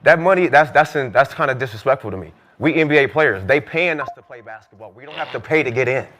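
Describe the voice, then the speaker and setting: A man co-hosting a podcast couch chat, firing off rapid, repetitive trash talk packed with fillers. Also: medium pitch, animated, a bit bright. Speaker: podcast co-host, former basketball player. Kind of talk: heated casual podcast banter.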